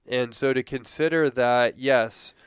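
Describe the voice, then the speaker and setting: A man's voice: mid-range voice, a little slow, smooth, no echo, studio quality. A man hosting a podcast, musing in a thoughtful, casual conversational way. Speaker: podcast host.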